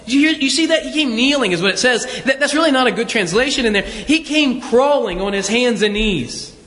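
A man's voice: very high voice, expressive, fairly quick, pushed and bright, long reverb tail. A man preaching a sermon as pastor, talking conversationally with rhetorical questions and repeated words.

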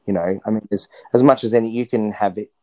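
A man talking earnestly as an interview guest, reflecting slowly with frequent restarts. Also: on the low side, steady tone, a little mellow, dry recording, low-quality recording. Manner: earnest, searching, many restarts. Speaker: interview guest, stage performer.

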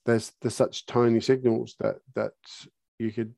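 A man with an animated manner, explaining horse behaviour as a guest on a podcast conversation. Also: mid-range voice, a little slow, gravelly, no room sound, studio quality. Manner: animated, acts out what horses and people would say.

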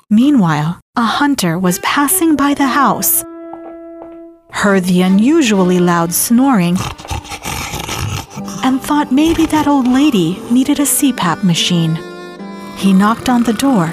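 A woman podcast host narrating a comic fairy tale with irreverent, wry asides. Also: mid-range voice. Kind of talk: comedic storytelling. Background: faint music.

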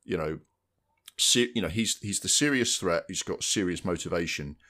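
Male co-host, deep voice, loose rambling chat. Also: normal speed, sharp tone. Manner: rambling, restarts mid-sentence. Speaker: podcast co-host. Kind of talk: casual film chat.

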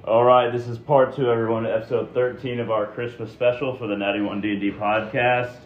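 A man narrating a tabletop game as game master, halting and restarting often. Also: medium pitch, flat delivery. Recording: roomy, dull lo-fi recording.

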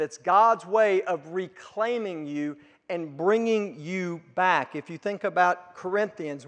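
A man's voice: sits high, fairly bright tone, in a large hall. A man preaching a sermon as pastor, with emphatic rises and drops as he quotes scripture.

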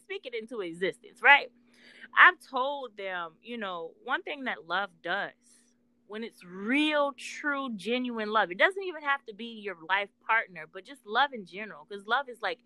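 A woman with a bright, clear voice talks earnestly about love and healing, emphatic and unafraid to swear. Her voice is close and dry, with almost no room sound. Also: a little high, dry recording, low-quality recording. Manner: earnest, emphatic, profane storytelling. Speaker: podcast co-host, spiritual intuitive worker. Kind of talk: casual relationship talk.

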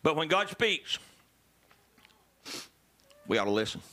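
High-voiced, bright preacher man. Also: sing-song, slow. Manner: swings from low murmurs to loud shouted exhortations; calls out to the congregation. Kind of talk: sermon.

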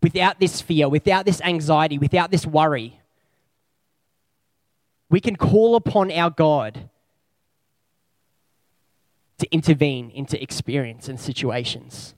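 A man delivering a sermon in an easy, conversational tone, his voice pitched a little high. He talks through his points reflectively and strings out slow lists of words. The sound is close and dry. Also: no room sound. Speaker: preacher.

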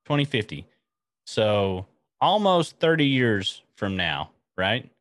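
A man's voice: fairly low pitch, big pitch swings, takes it slowly, fairly bright tone, dry recording. A man co-hosting a casual podcast chat, nitpicking small details of the show he is discussing. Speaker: podcast co-host.

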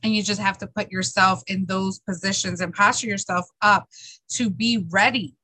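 A woman's voice: mid-range voice, fairly even intonation, moderate pace, sharp tone, breathy edge, no echo, poor audio. A woman hosting a podcast interview, enthusiastic and full of praise for her guest. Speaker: podcast host. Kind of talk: interview chat.

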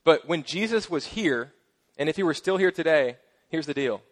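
A middle-aged man preaching a sermon as pastor, casual and playful with joking asides and lively emphasis. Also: on the high side, moderate pace.

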